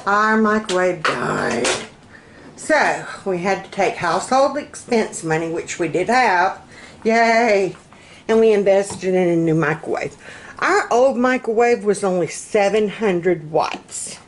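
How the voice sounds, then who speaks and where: A woman's voice: medium pitch, animated, slow. A middle-aged woman with a Southern US accent talks to her camera in a home kitchen, taking her time over each thought. Her words come out a bit slurred from denture adhesive, and her manner is folksy and chatty. A faint hum of room noise sits behind her. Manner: chatty, folksy, laughs often. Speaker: vlogger. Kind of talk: casual chat.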